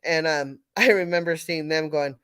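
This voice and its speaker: A woman's voice: low-pitched, moderate pace, a bit bright, smooth, no echo. A middle-aged woman from California, telling a casual story on a live audio panel, laughing often and restarting her sentences. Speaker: panel speaker.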